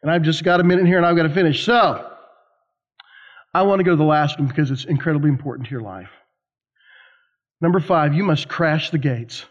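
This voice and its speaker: A man delivers a sermon to students in a lively, storytelling way, tossing in quick conversational asides. His voice sits high for a man. The recording is a little dull and lo-fi. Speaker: preacher. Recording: slightly dull lo-fi sound.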